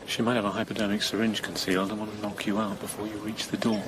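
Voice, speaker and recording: A man's voice: fairly low pitch, flat delivery, fast, lightly acted. An actor in his thirties playing a sardonic husband with a dry, mocking humour in a radio drama. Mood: joking. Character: wry, sardonic English husband on holiday. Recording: radio broadcast with hiss.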